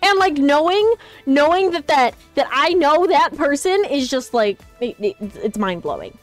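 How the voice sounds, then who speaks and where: High-voiced gushing woman streamer. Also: big pitch swings, measured pace, soft background music. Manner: gushing and rambling, with many restarts. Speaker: streamer host. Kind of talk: casual chat on a live stream.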